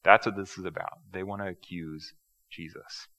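A male pastor delivers a sermon in a church, his voice low-pitched yet bright and forceful. He explains scripture in a relaxed, conversational way, doubling back on words as he speaks. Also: moderate pace, low-quality recording. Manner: conversational preaching with repeated words and asides. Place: church sanctuary.

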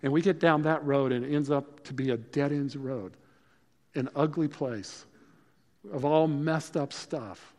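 A male pastor delivering a sermon in a relaxed, chatty manner that swells into loud, emphatic bursts. His voice sits a little higher than most men's. The sound carries a long reverb, as in a church sanctuary. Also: unhurried. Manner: conversational, emphatic preaching with sudden loud bursts.

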